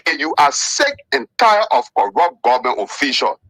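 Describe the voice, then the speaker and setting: A man's voice: fairly high pitch, wildly swooping pitch, moderate pace, vocal fry, fairly bright tone, no room sound, rough recording. A man giving a rousing, repetitive appeal to protest. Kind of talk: impassioned call to protest.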